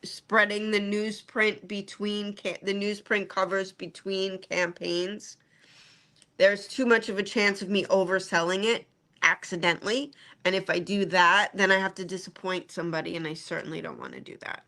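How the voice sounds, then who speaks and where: A practical woman co-hosts a live online show, patiently walking viewers through the details. Her voice sits at an ordinary mid pitch, and her tone stays casual. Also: fairly even intonation, normal speed, bright, forceful tone. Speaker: co-host. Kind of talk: casual live-stream chat.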